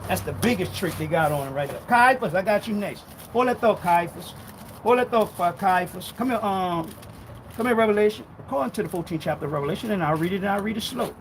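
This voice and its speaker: High-voiced fiery male preacher. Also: expressive, noisy background. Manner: fiery, rhetorical, jabbing questions at listeners; reads scripture slowly and forcefully. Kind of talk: live-streamed street-style sermon.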